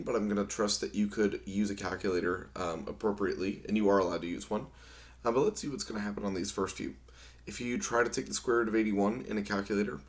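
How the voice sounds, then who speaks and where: Slightly hoarse man teaching math. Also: lowish voice. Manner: relaxed, many ums, talks through steps. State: losing his voice, slightly hoarse. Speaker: math instructor. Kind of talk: recorded lecture.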